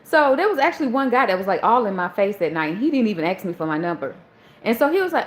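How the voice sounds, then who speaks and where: A woman in her thirties with a Southern Charleston accent talks to her live stream viewers, telling a story in a casual, chatty way. Her voice sits a little high and moves a lot, jumping up sharply whenever she acts out what someone said. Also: quick pace. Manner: animated, acts out quoted dialogue in a high voice.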